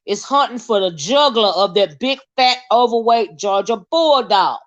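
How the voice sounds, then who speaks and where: A woman's voice: on the high side, moderate pace, few pauses. A woman chatting casually and teasingly with viewers on a livestream. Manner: animated, teasing, Southern-style banter. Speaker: livestream host. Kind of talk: casual live chat with viewers. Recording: slightly dull lo-fi stream audio.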